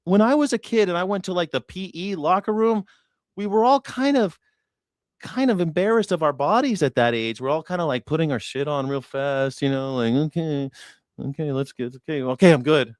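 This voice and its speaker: A man hosts a casual news reaction stream, swearing freely and mocking with heavy sarcasm. His voice sits somewhat high. The sound is close and dry, with no room in it. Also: expressive, a little fast, no echo. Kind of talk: casual political commentary.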